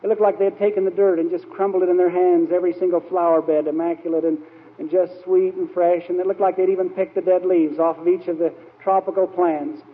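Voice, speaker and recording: High-voiced man preaching in an echoey hall. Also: little pitch movement, fast. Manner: rambling and anecdotal, with frequent fillers. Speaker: church speaker. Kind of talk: storytelling sermon. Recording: tinny, echoey old hall recording.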